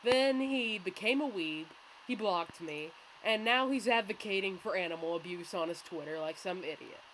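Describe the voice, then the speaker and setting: A woman's voice: mid-range voice, moderate pace. A woman co-hosting a podcast in casual chat, blunt and matter-of-fact. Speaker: podcast co-host. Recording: noisy with clear hiss.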